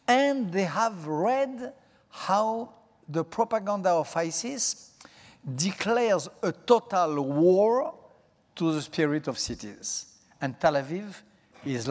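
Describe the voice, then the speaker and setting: An older man whose first language is French, speaking English with a French accent as a guest on stage in a large auditorium, slowly searching for his words. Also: on the high side. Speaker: interview guest. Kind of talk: public onstage conversation. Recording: hall reverb from a stage.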